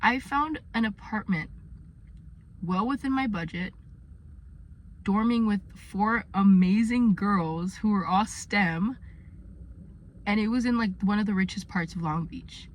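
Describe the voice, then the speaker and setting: A woman's voice: mid-range voice, unhurried, long pauses. Young adult woman, earnest, filler-heavy vlogger, recorded inside her car. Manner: chatty, earnest, many fillers. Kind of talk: casual faith vlog.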